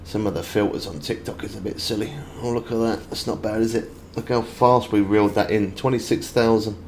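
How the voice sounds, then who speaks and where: A man's voice: fairly low pitch, fairly even intonation, a little fast, darkish tone, a little hiss or hum. A British man from the UK streaming a fishing game, chatting casually and answering viewer comments as he plays. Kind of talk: casual live-stream chat.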